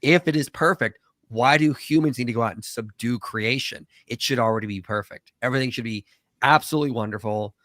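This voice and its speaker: A man's voice: mid-range voice, fairly quick, no room sound, studio quality. A man hosting a casual live stream, reading chat comments and joking, with a voice that tends to crack. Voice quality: voice cracks often. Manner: animated, joking, quotes others in put-on voices.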